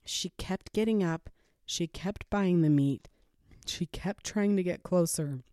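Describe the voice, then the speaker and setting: This woman, an adoptive parent, laughs often as she retells a folktale and muses on its meaning. She speaks at a measured pace in a fairly low, mellow voice, captured in a dry, studio-quality recording.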